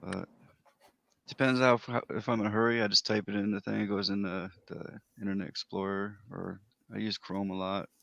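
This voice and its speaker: A man's voice: on the low side, flat delivery, normal speed, gravelly, a bit bright. A man joining a casual online hangout, easygoing and plain-spoken. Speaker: chat participant. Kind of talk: casual chat.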